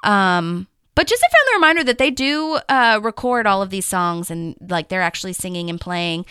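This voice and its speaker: A woman's voice: normal speed, clean tone, no echo. A woman co-hosting a podcast, chatting casually through an episode recap and animatedly acting out the quotes she retells. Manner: animated, acts out quotes with big pitch swings. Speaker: podcast co-host.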